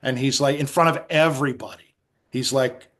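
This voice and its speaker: A man's voice: mid-range voice, moderate pace. Storytelling middle-aged man from New Jersey. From New Jersey, USA. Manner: animated anecdotes, acts out quotes, frequent restarts. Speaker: interview guest. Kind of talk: casual storytelling interview.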